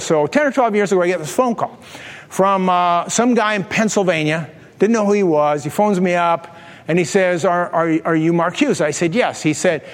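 A man preaching as pastor, telling a humorous story with animated delivery. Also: sits high, in a large hall. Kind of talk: storytelling sermon.

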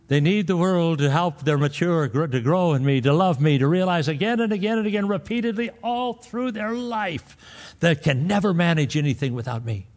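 A man's voice: on the high side, expressive, brisk, a little mellow. A man preaching a sermon in a church, talking conversationally and acting out the voices of his listeners. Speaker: pastor.

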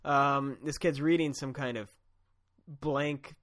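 A man's voice: medium pitch, steady tone, takes it slowly, fairly bright tone, no echo, studio quality. A man co-hosting a podcast, retelling a comic story in casual chat, laughing often and loosely acting out the characters' lines. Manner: chatty, laughs often, acts out quotes loosely. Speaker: podcast co-host.

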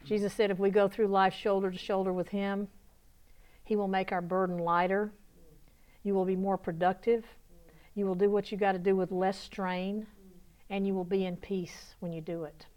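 A woman with a Southern US accent preaches in a folksy, conversational way, laughing easily and lifting into excited call-and-response. Her voice is smooth and clear, at an ordinary middle pitch for a woman. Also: normal speed. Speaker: pastor. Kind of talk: sermon. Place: church conference hall.

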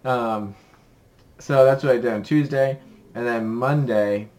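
A man's voice: medium pitch, a little slow, darkish tone. A young man co-hosting a podcast in casual chat, rambling and upbeat with many ums. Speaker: podcast co-host.

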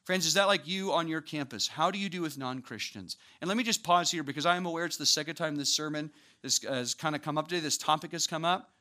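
Bright-voiced man preaching a sermon. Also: a little high, fast talker, hardly any pauses. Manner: conversational, animated preaching with rising emphasis. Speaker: pastor.

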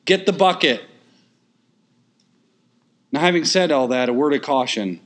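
Delivering expository preaching, he drives home key phrases through repetition, tossing in brief asides and abrupt bursts of emphasis. The voice runs a little high, expressive and slightly bright.

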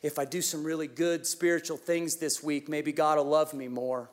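A man preaching a Christmas sermon as pastor, telling a story with lively, animated delivery that drops to hushed tenderness. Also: a little high, normal speed.

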